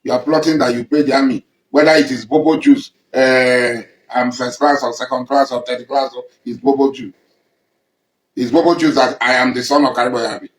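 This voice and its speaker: A man's voice: mid-range voice, fairly even intonation, fairly quick, reverberant, low-quality recording. A man with a Nigerian accent giving an angry, accusing public statement, confronting someone directly and repeating his points. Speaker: militant leader addressing rivals.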